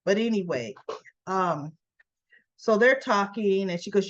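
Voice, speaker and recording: A woman's voice: medium pitch, unhurried, long pauses, highs cut off. A woman chattily retelling a soap opera episode, acting out what the characters say in a casual recap. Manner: chatty, retells scenes and acts out the characters' lines.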